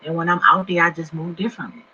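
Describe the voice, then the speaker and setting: Bright-voiced rambling man in his forties. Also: on the high side, steady tone, quick pace, a little hiss or hum. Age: 40s. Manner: rambling, slangy, easily sidetracked. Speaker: vlogger. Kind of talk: casual vlog talk. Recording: dull lo-fi recording.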